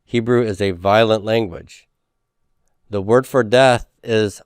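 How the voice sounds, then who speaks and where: A man's voice: lowish voice, fairly even intonation, slow pace, smooth, dry recording, studio quality. A man teaching a Hebrew grammar lecture, patiently repeating words and checking in with "okay?".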